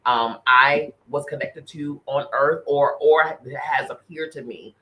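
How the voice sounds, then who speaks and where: A man's voice: on the high side, steady tone, measured pace, pushed and bright, low-quality recording. A man co-hosting a podcast, earnestly telling a personal spiritual story in casual chat, often restarting and repeating phrases. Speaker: podcast co-host.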